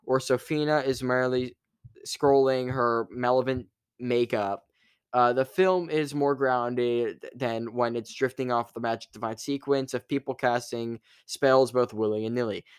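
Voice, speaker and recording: A man's voice: mid-range voice, fairly even intonation, a little slow, smooth, dry recording, studio quality. A man giving a casual movie review, rambling with restarts, swearing freely and laughing at his own stories.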